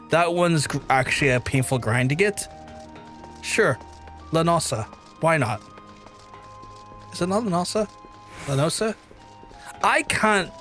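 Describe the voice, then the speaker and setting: Man, excitable casual streamer, lots of swearing, fairly high pitch. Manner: excitable, swears often, pitch jumps high when amazed. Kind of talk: casual gaming livestream chat. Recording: faint background music.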